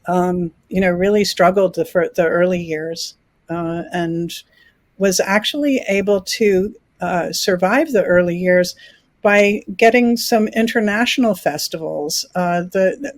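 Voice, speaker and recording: A woman's voice: fairly low pitch, a little slow, no echo. Woman in her sixties, dry close sound. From New York, raised in England. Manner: frequent restarts, laughs easily. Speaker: film festival founder. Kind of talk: conversational interview answers.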